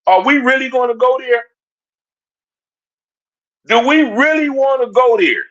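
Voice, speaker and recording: Man, livestream commentator, high voice, confrontational rant, repeats himself, muffled lo-fi sound. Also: a bit bright. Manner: confrontational, repetitive, addresses chat directly. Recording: dull lo-fi stream audio.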